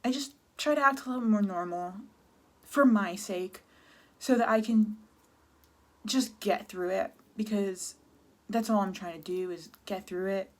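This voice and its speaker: A woman from Canada in her thirties, talking candidly and haltingly about her depression in a personal vlog, close to tears. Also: medium pitch. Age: 30s. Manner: candid, halting, many restarts and fillers. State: sad, near tears. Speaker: vlogger.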